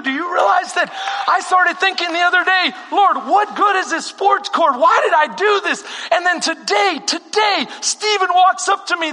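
A middle-aged man from Texas preaches a sermon in a very high, bright voice. He repeats his phrases, climbing to shouts and then dropping to a hush for personal stories. The sound rings with the long reverb of a church hall. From Texas, USA. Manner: repetitive, swings from shouted fervor to hushed confessional storytelling. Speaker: pastor. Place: church sanctuary.

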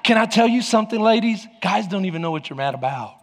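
A man preaching a sermon as pastor, emphatic and repetitive, with bursts of shouting and playful acted-out scenes. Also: high voice, lively intonation, fast talker, big-room sound. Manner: playful, acts out little scenes.

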